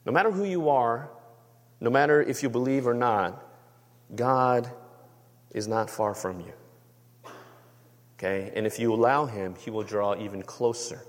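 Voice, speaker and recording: A man's voice: medium pitch, measured pace, long pauses, big-room sound. A man preaching a sermon as a pastor, talking conversationally and often checking with the room. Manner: conversational, asks the room for agreement.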